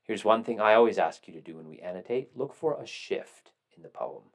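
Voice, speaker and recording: Low-voiced man teaching a lecture. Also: expressive, fairly quick. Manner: explanatory, asks questions and answers them. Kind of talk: recorded classroom lecture.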